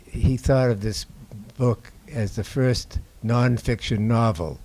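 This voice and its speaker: An older man from Boston, a documentary filmmaker telling stories to an audience in a halting, unhurried way. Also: medium pitch, warm tone. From Boston, USA. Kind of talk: anecdotal talk to an audience. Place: indoor screening before an audience.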